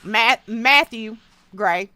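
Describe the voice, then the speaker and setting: A woman's voice: fairly high pitch, very slow, bright, forceful tone. A woman streamer, casually telling folksy childhood stories while she plays a game. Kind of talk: casual storytelling while gaming.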